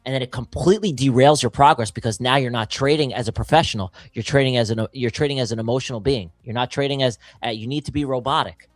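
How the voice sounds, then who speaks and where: A young man from the New York area talks trading in a relaxed livestream chat. He is blunt and emphatic and swears freely. His voice is mid-pitched and sounds dry and close, with no room around it. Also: fast talker, hardly any pauses, no room sound. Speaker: guest trader.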